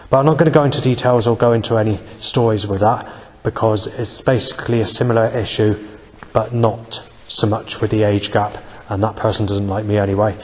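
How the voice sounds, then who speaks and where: Man, rambling aggrieved vlog monologue, lowish voice, reverberant sound. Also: darkish tone. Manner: rambling, aggrieved, halting with fillers. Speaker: vlogger.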